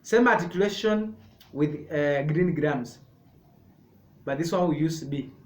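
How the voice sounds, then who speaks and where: A man teaching a sign language lesson, explaining each sign slowly and repeating words step by step. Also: fairly high pitch. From Kenya. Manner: slow, repetitive, explaining step by step. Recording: echoey room.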